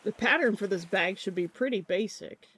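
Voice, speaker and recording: This is a live streamer in casual chat while drawing, with a voice of middling pitch. The talk rambles and drifts between thoughts. The streamer is easily distracted and makes light fun of themself. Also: moderate pace, bright, forceful tone, slightly rough. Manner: rambling, distracted, self-mocking.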